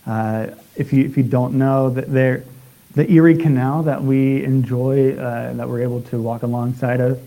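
A man preaching a sermon in a halting way, with many restarts and filler sounds. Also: medium pitch, dull audio.

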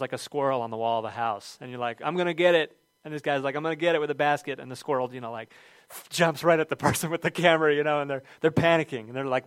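A middle-aged man preaching a sermon, telling a funny personal story with lively shouted quotes before returning to scripture. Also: mid-range voice, dry recording. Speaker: pastor.

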